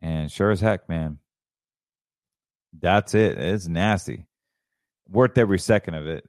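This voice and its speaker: A man's voice: sits low, a little slow, long pauses, darkish tone, no echo, studio quality. A middle-aged man hosting a podcast, talking in a rambling, enthusiastic way. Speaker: podcast host. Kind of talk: casual solo podcast monologue.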